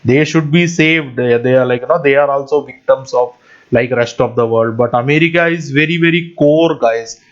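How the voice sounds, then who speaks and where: A man's voice: mid-range voice, normal speed. A man hosting his own channel, rambling in a casual monologue with frequent little laughs and constant asides to his viewers, speaking English as a non-native speaker. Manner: rambling, often laughs mid-sentence, keeps addressing viewers as guys. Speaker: channel host. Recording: dull lo-fi audio.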